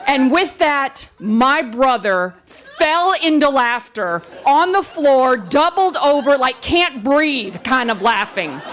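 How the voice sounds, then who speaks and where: A woman performing a comic personal story on stage, wry and animated. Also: sits high, slow pace, some chatter behind.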